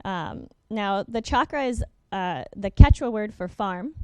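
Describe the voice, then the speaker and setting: A young adult woman presents at a workshop over slides, her voice smooth and clear. She talks fast, fills pauses with ums and uhs, and restarts her sentences. The sound is dry and close, with no room echo. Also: medium pitch, lively intonation, mellow. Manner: quick, with many ums and uhs, self-correcting.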